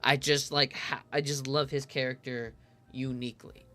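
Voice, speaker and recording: A man giving casual, excitable game commentary, chatty and full of fillers, laughing often. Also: medium pitch, moderate pace. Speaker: game streamer.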